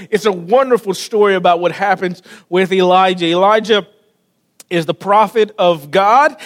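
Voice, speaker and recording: A man with a fairly high voice preaches a sermon. He tells the story in a loose, animated way with casual slang. He sinks to a near-whisper for the quiet moments. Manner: casual, with slang and frequent word repeats. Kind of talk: sermon retelling a scripture story.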